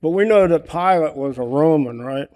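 Male preacher, earnest and questioning, somewhat high voice with a dark, mellow tone, sermon delivery. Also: lively intonation, moderate pace. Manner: earnest, asks rhetorical questions; writes on a board while teaching.

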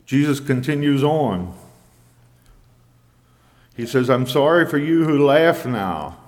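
A man preaching a sermon in a measured way, quoting scripture in old English. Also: medium pitch, expressive, darkish tone, in a large hall.

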